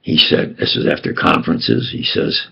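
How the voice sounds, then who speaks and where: An older man with a New York accent, telling a rambling, insistent personal story in a slow monologue. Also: lo-fi sound. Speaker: self-styled preacher and storyteller.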